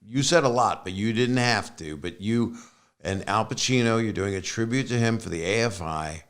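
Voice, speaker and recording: A man in his sixties hosts a loose podcast conversation. His voice sits a little low, and his questions ramble with eager enthusiasm. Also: expressive, moderate pace, smooth. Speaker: podcast host. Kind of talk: casual interview chat.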